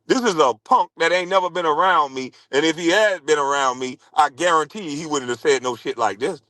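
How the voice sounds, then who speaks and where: A former pro basketball player in a heated, scornful rant, repeating taunts at a rival. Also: male voice, on the high side, fairly quick, sharp tone, no echo, poor audio. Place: podcast studio.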